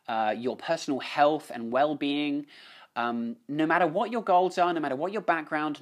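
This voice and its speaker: A man hosting a casual live stream, greeting viewers by name and often restarting his sentences. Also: fairly high pitch. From New Zealand. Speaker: livestream host. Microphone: phone on a live stream.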